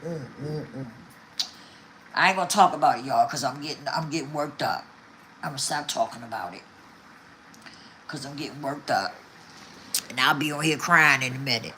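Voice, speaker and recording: A woman's voice: extremely low pitch, normal speed, pauses often, bright, forceful tone, a little hiss or hum. An older woman talking casually to her viewers, emphatic and repetitive. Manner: emphatic, repeats herself, talks straight to viewers. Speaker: vlogger.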